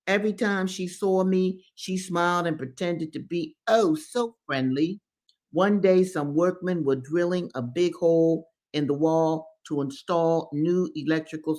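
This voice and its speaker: A woman's voice: low voice, darkish tone. A woman hosting a book-reading show, reading aloud and breaking off into passionate commentary that stresses points by repeating phrases. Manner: emphatic, repeats phrases for stress, preacher-like address. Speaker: host reading books aloud.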